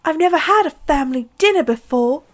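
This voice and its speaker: A woman's voice: sits high, lively intonation, quick pace, voice pushed up. A woman doing an eager, awed young boy. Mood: excited. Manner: enthusiastic, awed. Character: eager, wide-eyed eleven-year-old boy.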